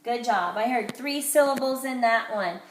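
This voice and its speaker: A woman teaching phonics to young children, her fairly high voice slowing down to sound out each letter and syllable with care. She is recorded in an echoey room. A faint hiss runs under her voice.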